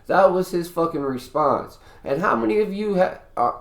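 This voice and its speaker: A man's voice: sits high, lively intonation, normal speed, creaky, hardly any pauses, a bit bright, echoey room. A man hosting a podcast, delivering a blunt, heated, profane monologue with a preachy tone. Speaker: podcast host. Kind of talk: ranting monologue.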